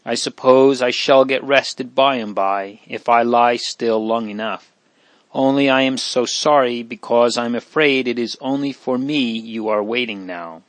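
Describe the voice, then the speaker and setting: A man reading aloud voices a frail, sick little boy who speaks with a soft, quiet cheerfulness. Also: mid-range voice, unhurried, no echo, natural voice. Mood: quiet cheer.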